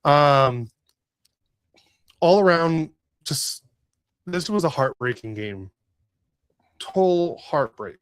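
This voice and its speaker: A man's voice: on the high side, expressive, takes it slowly, pauses often, clear, resonant tone, dry recording. A man co-hosting a casual sports podcast, recapping a hockey game with a rambling, rueful manner, lots of fillers and restarts. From Southern California. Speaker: podcast co-host.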